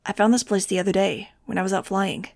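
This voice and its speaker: A woman voicing a gentle, earnest teenage boy with wings, speaking softly and tenderly. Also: medium pitch, steady tone, quick pace, vocal fry, close to an everyday voice. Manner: soft and tender.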